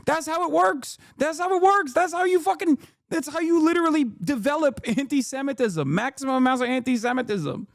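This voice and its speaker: A man rants over a clip on his live stream, swearing freely and breaking into mocking laughter. His voice sits high for a man. The sound is close and dry, with no room around it. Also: brisk, vocal fry, no room sound. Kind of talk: profane live-stream reaction rant.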